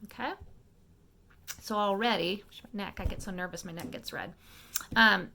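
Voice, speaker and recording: A woman hosts a makeup lesson in a casual, step-by-step way, talking fast and keeping her viewers with her. Her voice is bright and crisp with a gravelly, fry-tinged texture. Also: medium pitch, a little hiss or hum. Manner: chatty, fast-paced, checks in with viewers. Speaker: makeup tutorial host.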